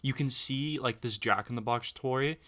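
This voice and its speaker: Young man excitedly retelling a movie. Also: medium pitch, moderate pace. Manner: excitable retelling, crude swearing, acts out quotes. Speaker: podcast co-host. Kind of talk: casual podcast chat.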